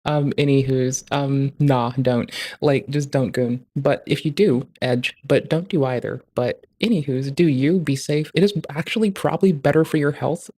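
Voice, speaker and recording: A livestreamer in casual commentary, swearing constantly, joking crudely, and rising loud and high when ranting. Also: moderate pace, few pauses. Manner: profane, ranting, crude jokes.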